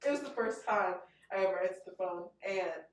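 Lively young woman in an echoey room. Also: mid-range voice, brisk. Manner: teasing, breaks into laughter. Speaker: small business owner. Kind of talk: casual chat. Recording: very echoey, mic far off.

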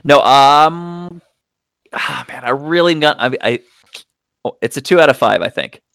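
A man co-hosting a podcast, casually recapping a film in a rambling, profane way, jumping into loud acted-out quotes. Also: on the high side, a little slow, creaky, dry recording, clean studio sound. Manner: rambling, profane, acts out quotes with big voice jumps. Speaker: podcast co-host reviewing movies. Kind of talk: casual chat.

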